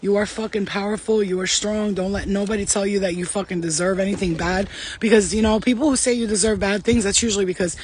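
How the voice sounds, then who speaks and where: A high-pitched man hosts a spiritual reading live stream, rattling off messages at speed. He swears casually and jokes with the chat. His tone stays informal and direct, with a faint ambient hum behind him. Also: steady tone. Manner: fast, profane, playful, talks straight to chat.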